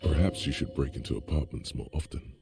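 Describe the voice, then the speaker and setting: Deep gravelly inner voice. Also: male voice, fairly quick. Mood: wry. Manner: dry, sardonic narration. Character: wry inner voice of a detective's mind, male.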